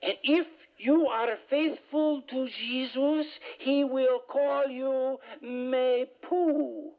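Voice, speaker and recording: A man imitating a pompous French retreat preacher, speaking in a lofty, drawn-out foreign-accented way. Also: very high-pitched, level tone, clean tone, pitched above the performer's own voice. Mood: mock-lofty. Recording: tinny phone-like radio sound.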